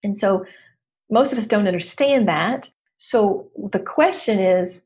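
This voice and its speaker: A middle-aged woman business coach speaks casually and openly, poking fun at her own mistakes. Her delivery is animated and she laughs often, with a voice pitched in the middle range for a woman. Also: a little slow. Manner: candid, animated, self-deprecating, laughs often. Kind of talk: casual motivational talk.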